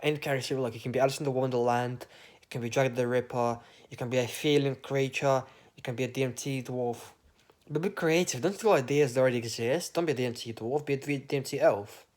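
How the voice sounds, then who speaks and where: A man's voice: mid-range voice, fast, a little mellow. Rambling man, casual swearing. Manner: meandering, absurd, swearing casually. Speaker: vlogger. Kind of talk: rambling comic monologue.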